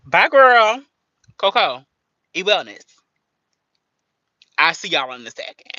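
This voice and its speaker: A woman's voice: low-pitched, lively intonation, a little slow, bright, forceful tone, no room sound. A woman hosting a casual livestream, playful and slangy, laughing often as she chats to her viewers. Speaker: livestream host. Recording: dull lo-fi stream audio.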